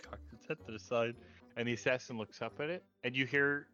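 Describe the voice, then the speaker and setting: A man narrates as game master, relaxed and laughing now and then. His voice sits at a middle pitch. The recording sounds a bit dull, with clear music underneath. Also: a little fast.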